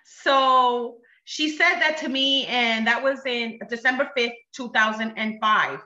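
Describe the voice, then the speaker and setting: Bright-voiced woman telling an earnest testimony. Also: on the high side, unhurried, echoey room, dull audio. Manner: earnest, emotional storytelling with quoted speech. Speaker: guest giving a testimony. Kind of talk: personal testimony in conversation.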